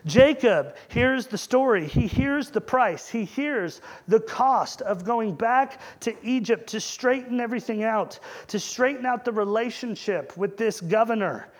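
A man's voice: high-pitched, normal speed. A man preaching a sermon in a conversational way, asking the congregation rhetorical questions.

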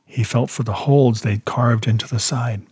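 A man narrating a story in a steady audiobook style. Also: medium pitch, normal speed, husky, no echo, clean studio sound. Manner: steady storytelling, voicing characters.

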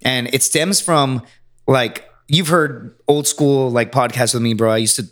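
A man's voice: medium pitch, a little slow, a bit bright. A man, a stand-up comedian and podcast guest, telling rambling, profane stories in casual chat and acting out the lines of other people. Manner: rambling, profane, acts out quotes.

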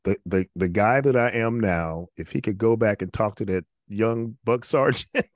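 A man's voice: fairly low pitch, lively intonation, measured pace, no echo, clean studio sound. A middle-aged man hosting a faith-based interview podcast, talking earnestly and often repeating words as he restarts. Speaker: podcast host.

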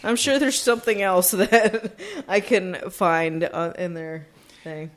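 A woman with a lowish voice speaks slowly as co-host of a casual podcast chat. Her storytelling is animated, and she laughs a lot and swears without holding back.

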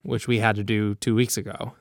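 A man's voice: on the low side, little pitch movement, a little fast, gravelly, dry recording, studio quality. A man co-hosting a podcast, bantering in a crude, joking, profane way. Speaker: podcast co-host. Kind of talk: casual chat.

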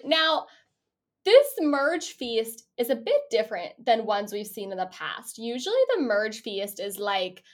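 Woman, podcast co-host, casual chat, animated, laughs a lot, fairly high voice. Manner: chatty, animated, laughs often, swears casually. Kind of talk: casual chat recapping a reality show.

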